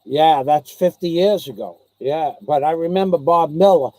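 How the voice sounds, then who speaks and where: With a warm, fairly high voice at a moderate pace, a channel host rambles through stories from his past. He keeps repeating himself and imitates other people's voices in the anecdotes, all in a dry recording.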